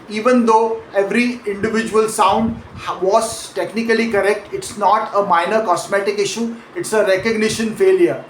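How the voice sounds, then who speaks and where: High-voiced male accent coach, echoey room. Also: slight background noise. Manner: explanatory, demonstrates word stress by example. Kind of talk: pronunciation lesson.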